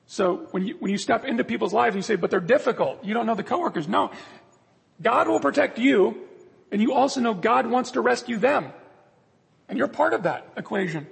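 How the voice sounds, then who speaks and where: A man's voice: very high voice, animated, normal speed, gravelly, breathy edge, big-room sound. A man preaching a sermon as a pastor, earnest, acting out prayers and God's replies in the quotes.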